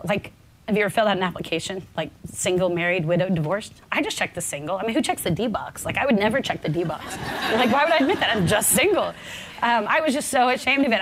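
A woman in her forties telling a personal story on a panel, earnest and halting, her voice shaking with nerves. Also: medium pitch. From American South. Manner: halting, many restarts, earnest. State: nervous, voice shaking. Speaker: panel speaker.

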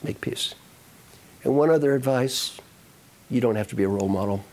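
A male motivational speaker with a mid-range, dark-toned voice talks quickly to a crowd. He coaxes his listeners, repeats lines, and addresses the audience directly throughout his talk.

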